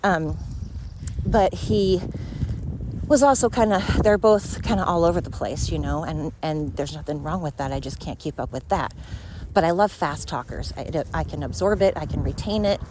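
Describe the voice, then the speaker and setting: Walking outdoors at night by a road, a podcast host talks alone in a rambling, chatty way, out of breath and poking fun at herself. Her voice is low-pitched at a moderate pace, against a noisy background.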